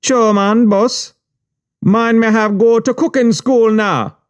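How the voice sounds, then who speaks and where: A man's voice: sits high, fairly even intonation, slow pace, smooth, dry recording, voice pushed up. An eager, fawning Jamaican henchman in a voice pushed far up from the storyteller's own. He speaks deferential patois, all keen agreement.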